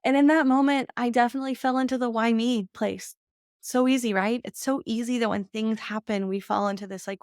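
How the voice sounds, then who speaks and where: A woman's voice: a little high, fairly even intonation, fairly quick, darkish tone, no echo. Woman podcast host, open and emotional storyteller, laughs a lot, dry close sound. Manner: candid, emotional, laughs often while telling. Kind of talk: personal storytelling monologue.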